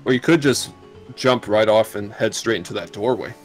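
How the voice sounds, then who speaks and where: A man calmly coaching a player through a video game, with dry remarks. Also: lowish voice, normal speed, soft background music. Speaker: co-commentator on a game stream. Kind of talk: casual let's-play commentary.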